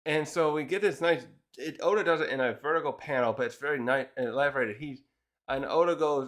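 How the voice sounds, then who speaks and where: A man's voice: fairly high pitch, fairly quick, fairly bright tone. A man casually reviewing a manga chapter, retelling it in a rambling way with many restarts.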